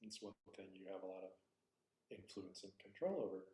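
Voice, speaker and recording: Low, reflective male Zen teacher. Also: animated, a little fast, mellow. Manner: reflective and searching, corrects himself aloud. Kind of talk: dharma talk. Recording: roomy echo.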